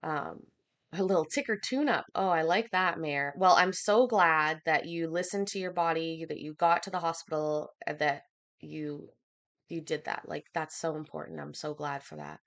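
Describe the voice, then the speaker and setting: A woman hosting a casual livestream, chatting with viewers and reading their comments. She sounds a little hoarse and short of breath from a cough, with lots of ums. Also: low-pitched, moderate pace, a bit bright. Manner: chatty, filler-heavy, reads out viewer comments. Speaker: livestream host.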